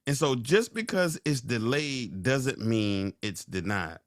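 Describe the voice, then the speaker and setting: A man's voice: mid-range voice, animated, no room sound. Preachy man repeating lines, dry sound. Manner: slow, drawn-out emphasis. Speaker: podcast host. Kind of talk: sermon-like motivational talk.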